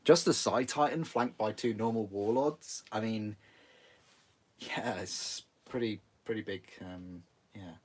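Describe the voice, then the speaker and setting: Young northern English male hobby streamer, low gravelly-soft voice, chatty and meandering. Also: a little slow. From northern England. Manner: rambling, chatty, many restarts. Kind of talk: casual chat while building models.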